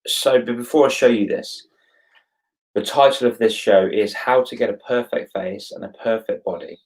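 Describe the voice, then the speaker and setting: A man's voice: lowish voice, normal speed, a little mellow, rough recording. A middle-aged man hosting a casual livestream, greeting viewers by name and ranting with annoyance. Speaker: livestream host. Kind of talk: casual live chat to viewers.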